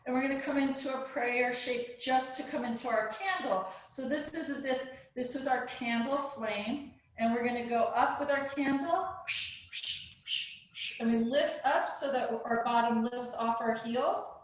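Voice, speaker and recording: A woman with a high voice leads children through yoga poses at a slow, patient pace. She is playful and encouraging and happily moos and meows along with the class. Her voice rings with strong room echo. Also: a little hiss or hum. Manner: encouraging, playful, makes animal sounds. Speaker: kids yoga teacher. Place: live virtual class. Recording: very echoey room.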